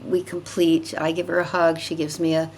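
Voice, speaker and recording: A woman's voice: low voice, completely flat delivery, normal speed, darkish tone, slight background noise. An older woman, a podcast guest, telling a personal story in a vivid, emphatic way, often repeating words for effect.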